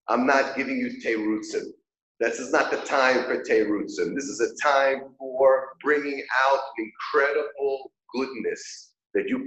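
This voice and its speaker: A man teaching a Torah class, an animated storyteller who acts out the characters of his parables. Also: lowish voice. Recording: echoey room.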